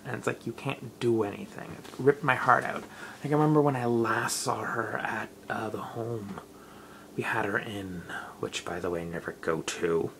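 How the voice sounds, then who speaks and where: Gravelly young man rambling. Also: medium pitch, slight background noise, rough recording. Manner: rambling, loose, lots of fillers. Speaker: vlogger. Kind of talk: casual rambling vlog.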